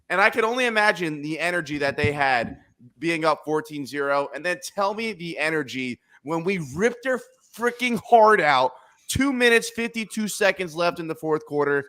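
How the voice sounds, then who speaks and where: A man hosting a casual sports talk show, talking with excitable, emphatic energy and repeating his points for effect. His voice sits a little high and sounds bright and tense. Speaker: podcast host.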